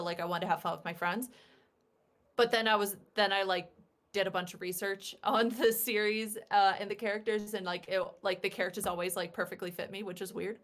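A woman's voice: mid-range voice, fairly bright tone. A young adult woman, a cosplayer guest, answering interview questions casually and filling her speech with "like" and "um". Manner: chatty, peppered with "like" and "um" fillers.

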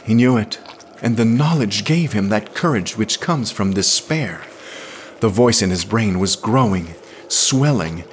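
A man narrating a story in a slow, measured, hushed dramatic reading. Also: fairly low pitch, animated, slight background noise. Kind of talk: dramatic audiobook reading of pulp science fiction.

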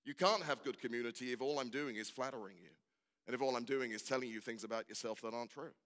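A man's voice: mid-range voice, fast talker, a bit bright. Man, preacher, sermon, rhetorical questions, repeated refrains, long hall reverb.

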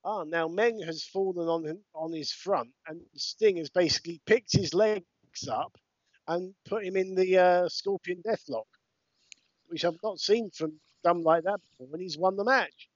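A man's voice: sits high, moderate pace, no echo, lo-fi sound. A British man co-hosting a podcast, chatting casually as he commentates on old wrestling footage and explains things for overseas listeners. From United Kingdom. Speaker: podcast co-host. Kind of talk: casual watch-along commentary.

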